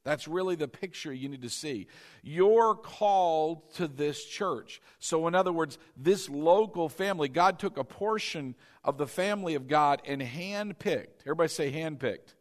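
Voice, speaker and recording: Male pastor, high voice, sermon delivery, repetitive and interactive. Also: in a large hall. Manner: repeats key phrases, calls on congregation to respond; shifts between slow emphatic lines and quick asides.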